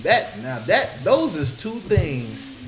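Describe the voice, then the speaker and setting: A man's voice: sits high, big pitch swings, slow. A man leading a scripture study, preaching emphatically and often asking his listeners if they understand. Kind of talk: preaching to a group. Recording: roomy, noisy recording.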